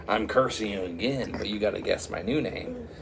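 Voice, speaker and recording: A man's voice: fairly low pitch, normal speed, slight background noise, natural voice. A man voicing a boastful, scheming male imp who curses people, in a loose, offhand way. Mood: gloating. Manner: casual, rambling delivery.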